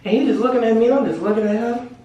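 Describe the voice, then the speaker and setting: Animated woman in a very echoey room. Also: fairly high pitch, very fast, recorded from a distance, highs cut off. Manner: animated, slangy and profane, addresses viewers as y'all. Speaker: storytime vlogger. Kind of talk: casual storytelling to camera. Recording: very echoey room, voice away from mic.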